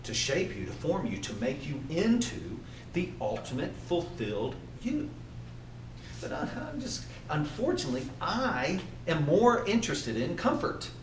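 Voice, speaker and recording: A man giving a motivational training talk to a group, animated and often asking his listeners questions. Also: on the high side, normal speed, background noise. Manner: animated, asks the audience questions. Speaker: workplace trainer. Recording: echoey room from far off.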